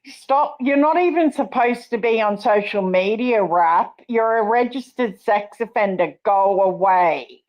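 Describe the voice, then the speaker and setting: A woman's voice: medium pitch, unhurried, a little mellow, rough recording. An Australian woman co-hosting a casual livestream chat, emphatic and protective, often restarting her sentences. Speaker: co-host.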